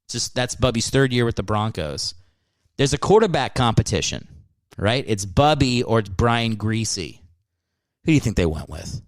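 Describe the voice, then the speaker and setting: A man's voice: on the low side, sing-song, a little slow, dry recording. A man hosting a solo comedy podcast, riffing sarcastically with plenty of swearing. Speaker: podcast host.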